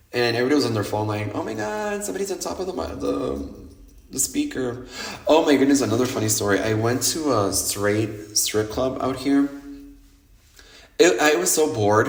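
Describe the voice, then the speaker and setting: A middle-aged man from the United States tells stories in an animated, casual way, joking at his own expense and laughing often. His voice sits in an ordinary middle pitch. The room around him adds a noticeable echo. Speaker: podcast host. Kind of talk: casual storytelling monologue. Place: home in Mexico.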